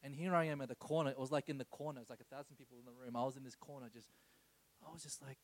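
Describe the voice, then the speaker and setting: A man's voice: mid-range voice, steady tone, very fast, no room sound, rough recording. A man preaching an informal sermon, telling a personal story with many asides and tag questions like "okay?".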